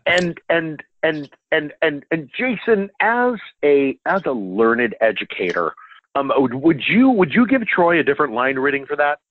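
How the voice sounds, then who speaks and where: A man's voice: fairly high pitch, lively intonation, normal speed, no room sound. Joking man on a tinny line. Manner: teasing, mock-formal, stammers. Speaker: interview guest. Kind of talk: joking podcast chat. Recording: tinny phone-like call audio.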